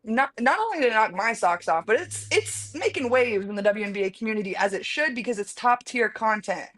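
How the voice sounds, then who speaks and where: A woman hosting a casual sports talk show from home, bubbly and chatty, often repeating words as she goes. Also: on the high side. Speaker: podcast host. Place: remote, apart from the studio.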